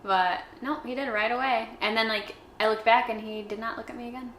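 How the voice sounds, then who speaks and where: A woman's voice: fairly high pitch, fairly even intonation, brisk, fairly bright tone, a little hiss or hum. A woman co-hosting a travel podcast tells stories in a casual, conversational way. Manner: conversational storyteller, casual fillers. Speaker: podcast co-host. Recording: echoey room, faint ambience.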